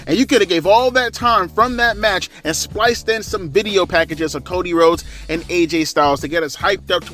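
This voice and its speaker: A man's voice: a little high, fairly bright tone. A man ranting about wrestling shows in heated, profane, rambling commentary.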